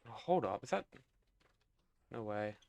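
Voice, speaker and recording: A man's voice: fairly low pitch, measured pace, vocal fry, dry recording, dull audio. Young man streaming, mumbling as he builds. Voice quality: relaxed, mumbly, trailing off, casual swearing. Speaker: game streamer. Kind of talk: casual thinking-aloud while building.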